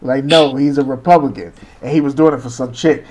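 A man's voice: medium pitch, steady tone, a little fast, darkish tone. Laid-back man asking questions. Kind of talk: casual chat.

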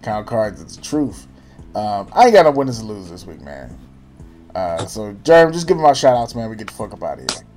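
A man's voice: on the low side, very animated, fairly quick, a little mellow, faint music behind. A man co-hosting a podcast in casual, profane banter, laughing often. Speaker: podcast co-host.

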